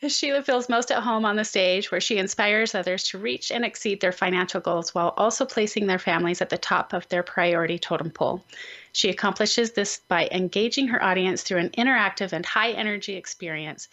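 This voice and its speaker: A woman's voice: medium pitch, brisk, a bit bright. A woman hosting a talk radio interview, introducing her guest and asking questions. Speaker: radio show host. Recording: slightly dull radio audio.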